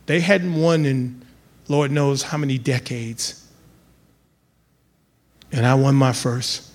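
A man telling a comic personal story live on stage, building to loud excited outbursts. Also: mid-range voice, slow pace. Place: live venue with audience.

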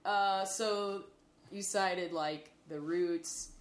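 A woman's voice: fairly low pitch, steady tone. Chatty woman hosting in an echoey studio. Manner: chatty, laughs often, quick interjections. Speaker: podcast host. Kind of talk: casual chat. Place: podcast studio.

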